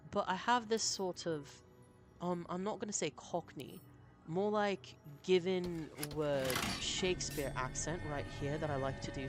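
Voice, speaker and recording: Upbeat, chatty game streamer. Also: mid-range voice. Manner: chatty, upbeat, reads chat aloud. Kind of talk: live gameplay commentary.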